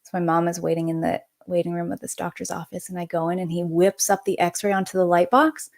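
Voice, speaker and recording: A woman in her forties, a naturopathic doctor and podcast guest, telling a personal story in a lively, conversational way and acting out the people she quotes. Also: lowish voice, brisk, creaky.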